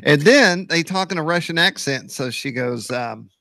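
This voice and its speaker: A man's voice: fairly high pitch, expressive, normal speed, gravelly, bright, forceful tone, dry recording, studio quality. A middle-aged man co-hosting a casual hobby chat, joking and rambling through stories. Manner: jokey, rambling storyteller. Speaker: co-host.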